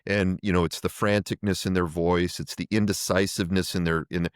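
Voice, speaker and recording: A man's voice: low-pitched, little pitch movement, brisk, clear, resonant tone, no room sound, clean studio sound. A middle-aged fire chief talking in an earnest, thoughtful way in a podcast interview, often repeating words as he searches for his phrasing.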